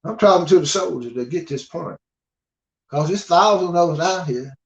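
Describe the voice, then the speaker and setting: A man's voice: a little high, lively intonation, moderate pace, darkish tone. An older man from the United States gives a blunt, scolding monologue and keeps asking "you understand?". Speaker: guest speaker. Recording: dull lo-fi audio.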